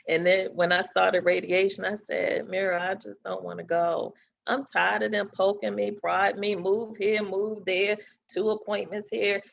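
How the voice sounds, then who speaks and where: A woman's voice: mid-range voice, flat delivery, measured pace, vocal fry, dull audio. A woman guest on a talk show, speaking candidly and openly about a hard time, laughing now and then. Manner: candid and open, laughs through hard memories. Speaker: guest sharing her story. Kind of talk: emotional talk-show conversation.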